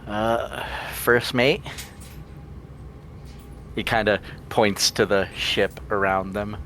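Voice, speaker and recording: A man's voice: lowish voice, steady tone, takes it slowly, bright, forceful tone, slight background noise. A man playing a tabletop role-playing game, laid-back and chuckling often. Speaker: player.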